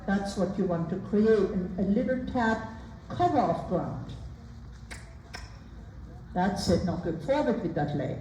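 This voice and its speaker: A woman giving a riding lesson, calling brisk, repeated commands and counting out the rider's strides. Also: mid-range voice, expressive, mellow, slight background noise. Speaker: riding instructor. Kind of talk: live coaching during a riding lesson. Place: riding arena. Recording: roomy, distant sound with faint ambience.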